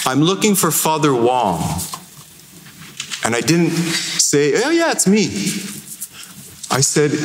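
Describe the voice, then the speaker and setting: Male priest with a Canadian accent, lively storytelling homily, church reverb. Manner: conversational storytelling with lively pitch swings. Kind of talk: sermon. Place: large church. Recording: echoey church hall, faint noise.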